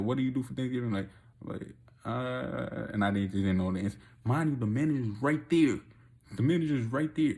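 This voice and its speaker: A man with a gravelly, creaky voice tells a long, rambling story to his audience. His talk is profane and loose, broken by frequent laughter, and it climbs to loud, excited peaks. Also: medium pitch. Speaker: vlogger. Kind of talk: casual storytelling monologue.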